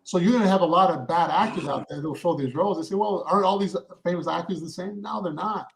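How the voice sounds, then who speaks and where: High-voiced man explaining acting. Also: quick pace, vocal fry, a little hiss or hum, poor audio. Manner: explains at length with many restarts. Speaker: podcast co-host and actor. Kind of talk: casual chat.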